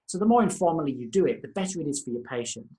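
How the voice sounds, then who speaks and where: A man's voice: a little high, expressive, rapid-fire, warm tone. A man with an Australian accent, a senior lecturer giving a recorded lesson to paramedic students in an informal, instructive manner.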